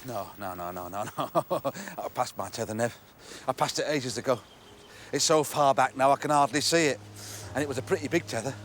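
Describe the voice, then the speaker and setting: A man's voice: medium pitch, a little fast, a bit bright, slight background noise, close to an everyday voice. An actor playing a sarcastic, mocking middle-aged businessman in a stage play. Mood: sardonic. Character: sneering cynical middle-aged businessman Gordon.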